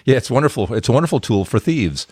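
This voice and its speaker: A man hosting a podcast interview, energetic and exclamatory. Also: mid-range voice, quick pace, husky, dry recording, studio quality. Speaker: podcast host. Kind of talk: radio-style podcast interview.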